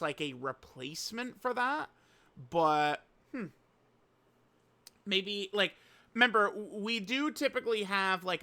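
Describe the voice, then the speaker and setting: A man's voice: fairly high pitch, bright, forceful tone. A young man casually commenting on mobile game news, rambling with lots of fillers and slang.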